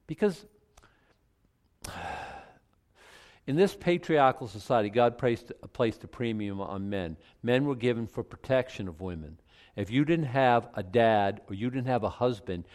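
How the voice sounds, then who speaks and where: A middle-aged male pastor preaching in a conversational way, breaking into loud emphatic outbursts. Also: on the low side. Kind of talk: sermon.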